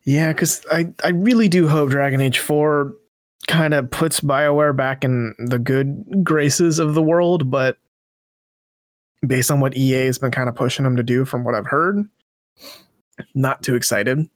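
A man's voice: mid-range voice, steady tone, a little slow, no echo, studio quality. A man hosting a casual gaming podcast, chatting wryly with his co-hosts. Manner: conversational, wry, drifts into mock quotes. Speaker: podcast host.

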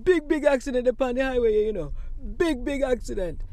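A speaker doing an excited Jamaican man on the highway. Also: fairly quick, no echo. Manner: loud, emphatic, repeating himself. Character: excited man passerby on a highway, talking about a crash. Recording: road noise inside a car.

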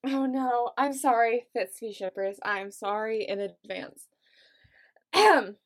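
A woman's voice: on the high side, slow pace. A woman co-hosting a podcast, chatting casually and reading passages aloud, tired and often breaking into giggles. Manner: giggly, reads with dramatic asides. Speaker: podcast co-host.

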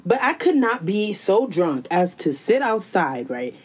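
A woman chatting casually with a friend about a TV show, animated and profane, acting out characters in quick quoted voices. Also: medium pitch, breathy edge. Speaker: co-host recapping a TV series. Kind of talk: casual chat.

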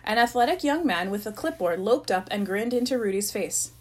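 A woman's voice: medium pitch, a little fast, low-quality recording. Woman reading a story aloud. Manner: even storytelling narration. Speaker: reader.

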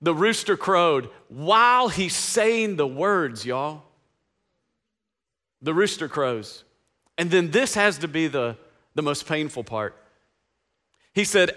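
Male pastor, sermon, casual slangy delivery, high voice. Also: expressive, slow, long pauses, sharp tone. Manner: casual slangy preaching, conversational asides to congregation.

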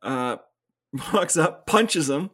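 Man, podcast co-host, casual movie recap, animated retelling, a bit higher voice. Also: very slow, slightly rough. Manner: recaps plot animatedly, acts out characters' lines, laughs often. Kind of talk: casual film review chat.

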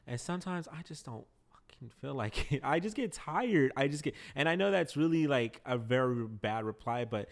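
Pria pembawa podcast yang bicara terus terang. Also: male voice, medium pitch, lively intonation, normal speed. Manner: candid, laughs when emotional. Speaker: podcast host. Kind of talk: casual podcast conversation.

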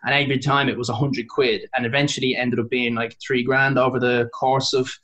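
Rambling, animated male podcast guest. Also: mid-range voice, a little fast. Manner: animated, rambling, self-correcting, lots of "like". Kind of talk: casual storytelling.

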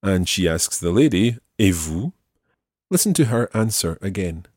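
A man hosting a language lesson, repeating model phrases slowly and explaining them patiently. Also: deep voice, animated, darkish tone, no echo, clean studio sound. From Scotland. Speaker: language teacher and podcast host.

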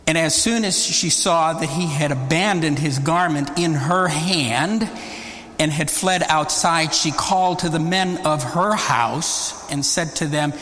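Slow, emphatic preacher in a hall. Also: male voice, on the high side, fairly bright tone. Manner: emphatic, rising exclamations, slow deliberate delivery. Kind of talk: Bible teaching sermon. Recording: long reverb of a large hall.

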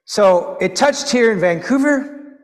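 A pastor delivers a sermon in an animated storytelling way, punching key words with sudden emphasis. His voice sits high for a man. The sound carries a long reverb from a church hall. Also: slow pace.

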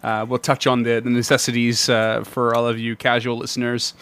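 A man's voice: mid-range voice, monotone, a little fast, a bit bright. Hesitant male podcast co-host. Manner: hesitant, many fillers, laughs often. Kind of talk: casual chat.

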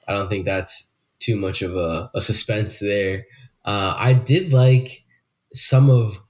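Rambling man hosting a casual podcast. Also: lowish voice. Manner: loose and rambling, swears freely, trails off. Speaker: podcast host. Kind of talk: casual movie review chat.

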